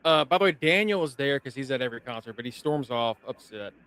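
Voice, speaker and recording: A man co-hosting a casual podcast, recapping an episode in an animated way, swearing and laughing often. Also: mid-range voice, quick pace, smooth, dry recording.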